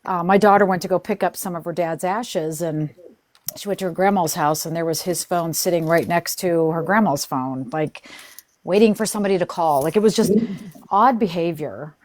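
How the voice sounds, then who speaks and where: A woman's voice: fairly low pitch, normal speed, darkish tone. A woman hosting a live stream, chatting casually and retelling arguments with quoted back-and-forth, rambling and exasperated. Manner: chatty storyteller who acts out quoted exchanges; exasperated, rambling and full of restarts.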